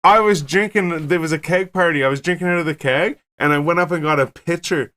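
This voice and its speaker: Podcast guest, male, slightly high voice, loose and profane storytelling, rambling. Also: brisk. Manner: rambling, swears a lot, animated when quoting himself.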